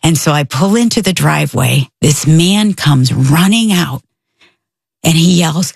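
A middle-aged woman with a low, husky voice and a gravelly edge, telling a personal story with energy. She jumps into the voices of the people she quotes. The sound is dry and close. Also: unhurried, no room sound. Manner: animated, breaks into quoted voices. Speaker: storyteller guest. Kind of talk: casual storytelling.

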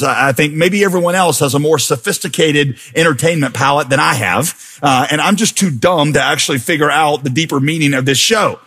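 A middle-aged man preaching a sermon as pastor, animated and rising to near-shouts when reading scripture. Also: a little high, husky.

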